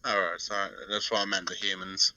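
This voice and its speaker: A man's voice: low voice, flat delivery, brisk, bright, forceful tone, dry recording, rough recording. A man asking questions casually as a player in a tabletop game.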